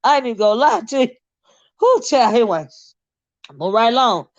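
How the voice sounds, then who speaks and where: Woman streamer with a high voice, chatty and giggly, roasting her chat, muffled dry sound. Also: animated, a little fast, dry recording. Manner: laughs often, teases her chat, sidetracked and rambling. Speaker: livestream host. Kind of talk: casual live-stream chat reading viewer comments.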